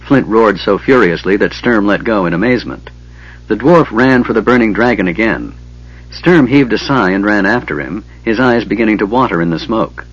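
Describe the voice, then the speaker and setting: A man reading an audiobook in a steady, measured way, on lo-fi cassette tape. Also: lowish voice, husky. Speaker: audiobook narrator. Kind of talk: scripted audiobook narration.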